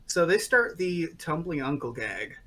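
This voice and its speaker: A man serving as game master for a tabletop game narrates in a rambling style packed with fillers. His fairly high voice swings widely in pitch and is a little slow, bright, and forceful, with a little hiss or hum.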